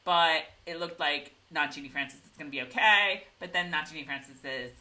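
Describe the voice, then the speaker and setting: A woman co-hosting a casual TV recap, animated and giggly, often acting out scenes in little voices. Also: sits low, fairly quick. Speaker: podcast co-host recapping a TV episode. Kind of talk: casual chat.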